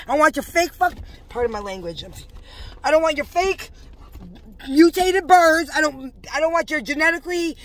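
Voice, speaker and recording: A woman's voice: high-pitched, fairly bright tone. A woman telling a story in a vlog. She is fervently religious, agitated and rambling, and uses many fillers. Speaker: religious vlogger.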